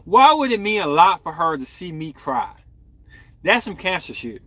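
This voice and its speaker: A young man hosts a casual live chat. He talks candidly and rambles to his viewers. His voice is bright and sits a little high. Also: sing-song, moderate pace, no echo. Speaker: podcast host.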